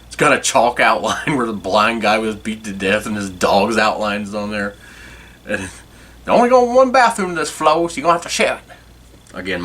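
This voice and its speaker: A man in his forties hosts a podcast, rambling through casual, nostalgic chat with frequent chuckles and correcting himself as he goes. His voice is fairly low and a bit bright.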